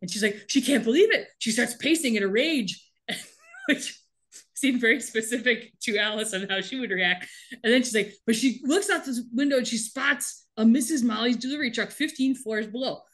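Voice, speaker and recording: Speaking fairly quickly in a slightly high, fairly bright voice, a woman recaps a TV episode as a podcast co-host. The talk is casual chat, delivered animatedly and punctuated by plenty of laughs.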